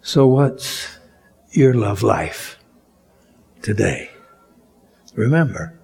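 A man preaching a sermon slowly and deliberately, rising to emphatic peaks on key words. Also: fairly low pitch, animated, vocal fry, a little mellow, slightly rough.

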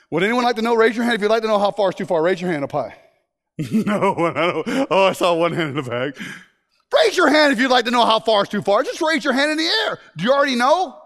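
A man preaching a sermon to a congregation. He jokes, bursts into shouts, and drops to hushed asides. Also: high voice. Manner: animated and joking, with sudden shouts and hushed asides.

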